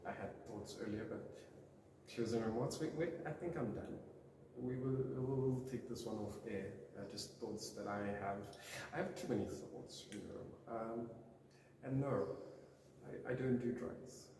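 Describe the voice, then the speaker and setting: A young adult man, appearing as a podcast guest, speaks a little slowly in a mid-range voice. He chats casually, rambling, putting himself down and leaning on fillers, in a university campus room where the sound is echoey and noisy and the mic sits far away.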